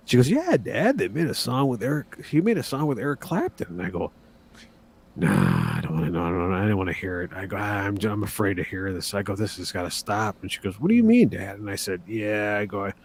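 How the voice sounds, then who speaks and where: Rambling husky-voiced man telling stories. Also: fairly low pitch. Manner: rambling storyteller, acts out quotes. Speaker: host. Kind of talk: casual chat.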